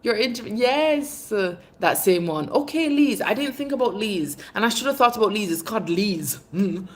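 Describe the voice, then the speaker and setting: A woman's voice: medium pitch, lively intonation, normal speed. A woman hosting a casual livestream, chatting candidly with viewers and calling them babe. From Jamaica. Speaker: livestream host. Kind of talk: casual live chat reading viewer comments.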